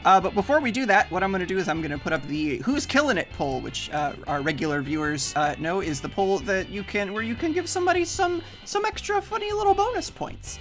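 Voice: medium pitch, lively intonation, brisk, few pauses, fairly bright tone, faint music behind. A laid-back host running an improv comedy game, chuckling and using lots of fillers. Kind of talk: hosting an improv game stream.

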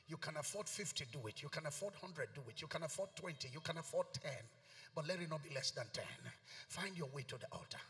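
Nigerian pastor man preaching, super bright pushy voice, keeps repeating himself, echoey church w keyboard behind. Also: on the high side. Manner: pleading, emphatic, repeats short commands. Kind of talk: sermon. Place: large church hall. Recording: reverberant church hall with keyboard. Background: soft keyboard music.

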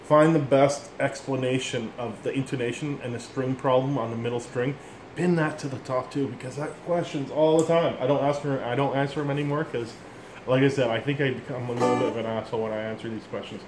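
A man's voice: mid-range voice, fairly even intonation, brisk, background noise. A middle-aged man giving a casual music lesson, explaining bluntly and rambling, calling himself an ass for it. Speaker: instrument teacher. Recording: echoey room with instrument playing.

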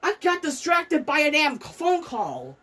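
A woman's voice: high voice, wildly swooping pitch, measured pace, sharp tone, recorded from a distance. A woman giving frantic, swear-filled gameplay commentary, repeating "bro" constantly. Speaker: gamer.

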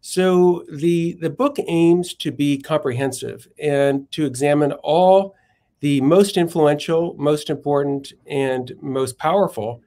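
A male philosopher-author shares stories as a podcast guest, speaking slowly in a slightly high, dark voice. He's reflective and occasionally searches for what to say.

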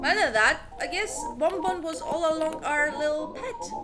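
A young woman with a very high voice gives expressive let's play commentary on a horror game, panicking loudly at the scares. Game music plays clearly behind her. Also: moderate pace. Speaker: gaming channel host.

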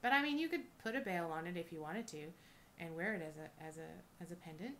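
A woman reselling jewelry, chatting casually and gushing with excitement as she unboxes a thrift lot. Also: lowish voice, fairly quick, a little hiss or hum. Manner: gushing, excitable, lots of oohs and little laughs.

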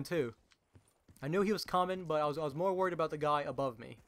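A young man giving jumpy, excitable live commentary over his own gameplay, filling his talk with "like" and calling out to his teammates. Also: on the high side, quick pace. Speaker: gaming channel host.

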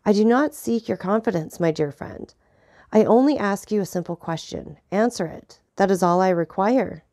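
A woman voicing a grave, vengeful nobleman who speaks in a measured, solemn way. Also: medium pitch, lively intonation, warm tone.

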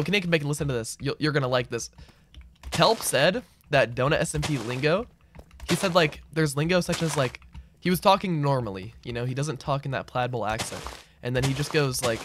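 Laid-back male streamer, mid-range voice, answers chat loosely over clear background music. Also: medium pitch, a little fast. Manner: relaxed, answers chat aloud, says "bro" a lot. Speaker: streamer and server owner. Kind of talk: casual livestream chatter while gaming.

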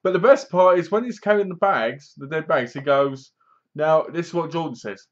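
A man's voice: on the high side, normal speed. Rambling young man, lo-fi. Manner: rambling, chatty retelling with fillers like "basically" and "like". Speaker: film reviewer. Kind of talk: casual spoken movie review.

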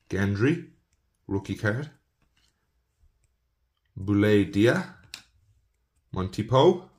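Guy, young, low-ish voice, easygoing card-break host chatting to viewers and listing names. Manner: chatty, talks to viewers as folks, rattles off player names. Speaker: trading card box breaker. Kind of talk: casual card-opening commentary.

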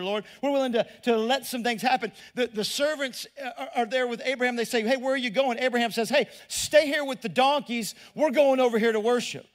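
A middle-aged man with a drawl preaches a sermon in a high voice for a man. He talks to the crowd like a friend, doubles back over his words and keeps asking them questions. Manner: conversational, repeats words, asks the crowd questions. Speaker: pastor.

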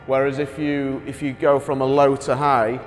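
Male S&C coach, mid-pitched, explanatory, many "yeah"s; long reverb, faint music. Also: level tone, normal speed. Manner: constant affirming "yeah", explanatory. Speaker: strength and conditioning coach. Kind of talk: coaching interview chat.

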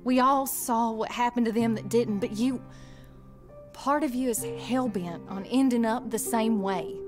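An actress playing a hurt young wife who pleads softly and sorrowfully with her outlaw husband. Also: on the high side, unhurried, lightly acted. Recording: game audio under faint music.

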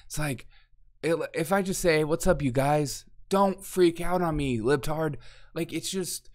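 A man hosting a casual political opinion show, talking in a mocking, exasperated way, laughing often and acting out the quotes he makes fun of. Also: mid-range voice. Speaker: political commentary host.

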